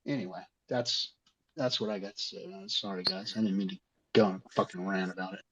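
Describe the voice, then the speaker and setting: A man's voice: low voice, fairly even intonation, brisk, a bit bright, slight background noise. Man, impassioned, swearing, ranting, dull lo-fi audio. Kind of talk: impassioned community discussion.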